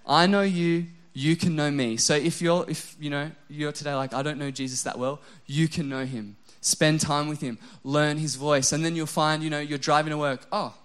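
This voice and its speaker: Casual and self-mocking, a young adult pastor jokes his way through a relaxed sermon, his talk full of "like" before he turns earnest. His smooth voice is fairly high for a man.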